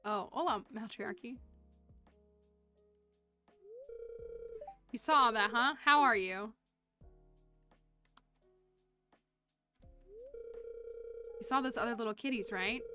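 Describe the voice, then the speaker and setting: A woman voicing a warm, doting middle-aged single mother who scolds fondly and uses Spanish endearments. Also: a little high, fairly even intonation, fast, soft background music. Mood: fond scolding. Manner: affectionate, sprinkles Spanish endearments.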